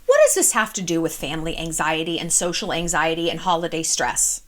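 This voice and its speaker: A woman's voice: low-pitched, expressive, a little fast, hardly any pauses, a bit bright. Candid, chatty woman vlogger. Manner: candid, chatty, swears freely. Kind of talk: casual advice talk to camera.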